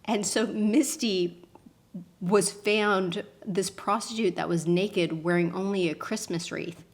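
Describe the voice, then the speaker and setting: A woman, a podcast guest telling a personal story with lively voice shifts for the people in it. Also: medium pitch, takes it slowly, vocal fry. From Canada. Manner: acts out quotes with lively voice shifts and laughs.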